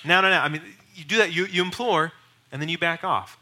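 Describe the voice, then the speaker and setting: A man's voice: a little high, brisk, sharp tone, a little hiss or hum. A male pastor teaching on evangelism, earnest and emphatic, often building to raised, urgent bursts.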